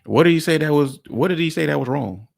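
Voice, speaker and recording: A man's voice: on the high side, animated, fast, vocal fry, crowd noise. A man hosting a reaction commentary, talking bluntly and mockingly to his viewers. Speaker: commentary host.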